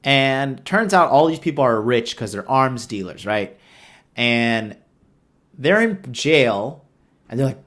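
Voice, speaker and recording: A man's voice: mid-range voice, expressive, takes it slowly, fairly bright tone. Profane, exasperated man ranting. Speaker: online commentator. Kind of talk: ranting movie review.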